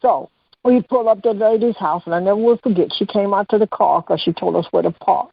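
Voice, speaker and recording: Animated woman telling a story. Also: mid-range voice, fast, creaky, husky, dry recording. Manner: animated storyteller who acts out dialogue. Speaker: guest. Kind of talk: personal storytelling on a radio talk show. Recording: dull, dry radio-show audio.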